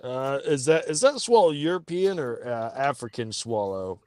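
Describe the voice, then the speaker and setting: A man's voice: medium pitch, big pitch swings, moderate pace, darkish tone, clear, resonant tone. A man playing in a tabletop game, hesitant and wry. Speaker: player. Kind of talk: casual tabletop play.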